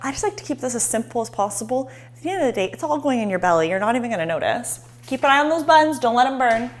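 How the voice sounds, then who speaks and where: A woman hosting a live-streamed cooking demo in a home kitchen, chatty and excitable, talking straight to her viewers. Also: fairly high pitch, fast. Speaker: cooking show host.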